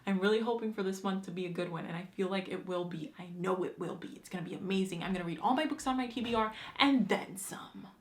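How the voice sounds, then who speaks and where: A young adult woman vlogging about books in a chatty, animated way, with slang and the odd swear word. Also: mid-range voice, fast talker, few pauses. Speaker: book vlogger. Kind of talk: casual chat answering a book tag.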